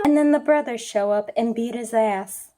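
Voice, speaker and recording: A young woman reviewing manga chapters, overwrought, half crying and shouting as she retells the story, swearing freely. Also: on the high side, normal speed, noisy background.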